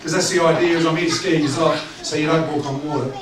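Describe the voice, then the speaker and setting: A man preaching a sermon as pastor, animated and joking in a conversational way. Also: fairly high pitch, fast. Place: church. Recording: echoey church hall from a distance with background noise.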